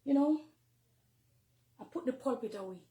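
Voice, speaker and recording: A middle-aged woman with a Jamaican accent, a minister giving an emotional, confessional testimony from the pulpit, moving between hushed and fervent. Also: sits high, expressive, normal speed, echoey room. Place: church, near the pulpit.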